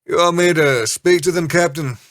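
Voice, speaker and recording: A man voicing a suave, smooth-talking first mate who flatters the newcomers. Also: on the high side, normal speed, dry recording, clean studio sound, voice pushed up, natural voice. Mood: eager.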